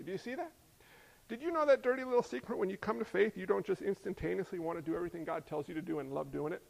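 Man, pastor, lively sermon, rhetorical questions, high voice, long hall echo. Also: quick pace, vocal fry. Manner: lively, joking, asks the crowd rhetorical questions.

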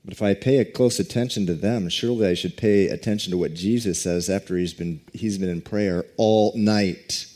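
A man preaching a sermon, reading scripture and praying with deliberate, drawn-out emphasis. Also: low voice, mellow. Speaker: pastor.

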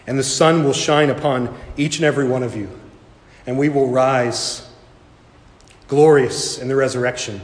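A man preaching a sermon and telling a story, earnest and slow, dropping soft for emphasis. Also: medium pitch, fairly even intonation. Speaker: pastor. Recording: echoey hall reverb.

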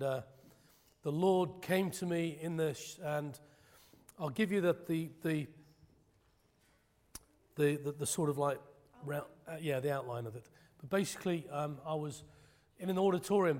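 A man's voice: a little high, moderate pace, a little mellow, big-room sound. A man preaching a sermon, moving from prayer to a personal testimony, impassioned and emphatic, with self-deprecating jokes. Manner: self-deprecating, joking asides.

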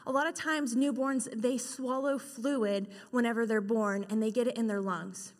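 Woman doing a calm reassuring nurse. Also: a little high, normal speed, close to an everyday voice. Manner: soothing, matter-of-fact. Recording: echoey hall.

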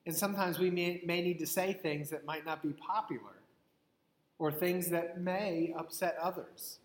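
A man preaching a sermon as a pastor, measured and earnest, posing rhetorical questions to his listeners. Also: fairly high pitch. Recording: echoey hall with long reverb.

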